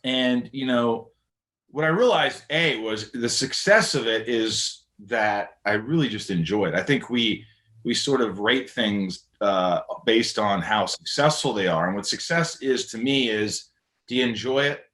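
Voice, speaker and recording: Guy on a podcast telling a story, lively, does little voices for people, normal mid-pitch voice. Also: a little slow, echoey room. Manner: animated, acts out quoted voices. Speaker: podcast guest. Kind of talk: casual storytelling conversation.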